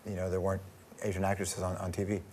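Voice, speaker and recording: A man's voice: sits low, monotone, fast talker, a little mellow, a little hiss or hum. A man hosting a talk show, asking questions conversationally and laughing along. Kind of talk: casual interview chat.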